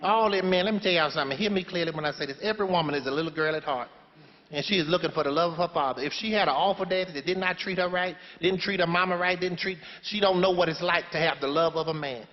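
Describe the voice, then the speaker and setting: A man voices a sassy, preachy older grandmother in a play, firing off blunt, folksy, sermonizing advice at a quick pace, his delivery on the high side and lightly acted. He's on a theater stage before a live audience, recorded dully in a reverberant hall.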